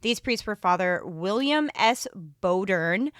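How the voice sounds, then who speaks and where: Woman podcaster, middle pitch, casual storyteller, dry close recording. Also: takes it slowly, clean tone, no echo. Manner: laughs often, animated when joking, slips into a rural accent. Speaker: podcast co-host. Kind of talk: casual chat, reading case notes.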